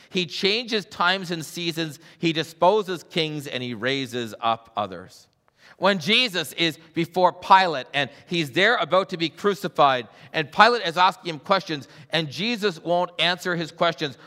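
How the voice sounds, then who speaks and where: A middle-aged man preaching a sermon as a pastor, animated and acting out voices in his stories. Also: on the high side. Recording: long hall reverb.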